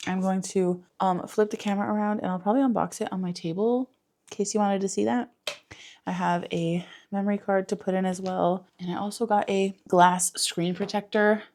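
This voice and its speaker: A woman's voice: mid-range voice, steady tone, fairly quick, a little mellow, a little hiss or hum. A woman in her thirties chatting casually through her day at home in a rambling vlog, swearing now and then and cooing at her dog. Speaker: vlogger. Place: home, indoors and in the yard.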